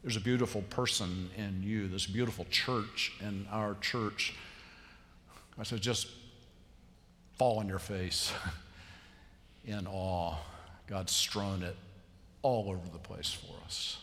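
A man preaching a sermon as a pastor, telling stories in an animated, conversational way. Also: fairly low pitch, unhurried, a little hiss or hum. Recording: reverberant church hall.

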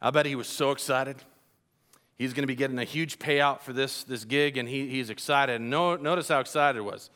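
A man preaching a sermon in an animated, storytelling way, with folksy asides. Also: medium pitch, a little fast.

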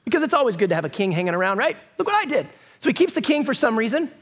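High pitched guy preaching, chatty storytelling sermon, gets loud sometimes. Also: racing. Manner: animated storytelling, conversational with bursts of shouting. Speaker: pastor.

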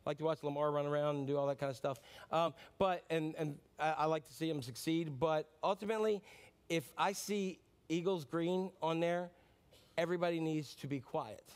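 A man in his fifties preaching a lively, rambling sermon, joking about himself and often restarting his sentences. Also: fairly high pitch, normal speed, smooth. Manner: animated, rambling, self-mocking sermon with many restarts. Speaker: pastor.

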